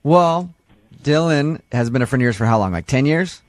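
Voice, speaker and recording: A man's voice: medium pitch, animated, moderate pace, no room sound. A man hosting a morning radio show, teasing and playful as he banters and makes a prank call.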